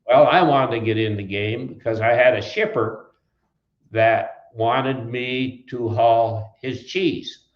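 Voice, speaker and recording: A man's voice: medium pitch, takes it slowly. An older man from Wisconsin recalls his early days in a folksy, rambling way. He restarts his sentences and drifts between anecdotes. The room sounds echoey and the recording is a little dull. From Wisconsin, USA. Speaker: trucking company founder, guest. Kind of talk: storytelling in an interview.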